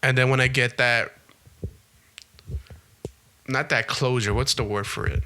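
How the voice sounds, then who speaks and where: A man's voice: mid-range voice, steady tone, unhurried, vocal fry, pushed and bright, slight background noise. A young man hosting a podcast in a casual monologue, emphatic and repetitive, swearing freely. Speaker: podcast host.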